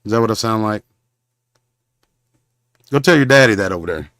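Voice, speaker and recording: A man from Southern hosting a confrontational livestream rant, rambling and halting, with preacher-like condemnations. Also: on the low side, animated, a bit bright, dry recording, clean studio sound. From Southern Oklahoma. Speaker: show host.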